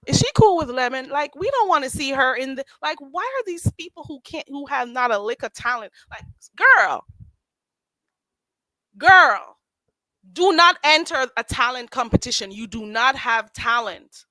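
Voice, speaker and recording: A woman hosting a livestream, chatting in a sassy, animated way and laughing often. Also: high voice, no echo. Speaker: livestream host. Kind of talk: casual commentary chat.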